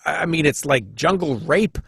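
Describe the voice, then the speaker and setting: Animated man telling rambling stories. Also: on the high side, unhurried, gravelly, slightly rough, no echo, studio quality. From United States. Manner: animated storyteller who jumps into quoted voices; rambling with many restarts and fillers. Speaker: podcast guest. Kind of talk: casual storytelling chat.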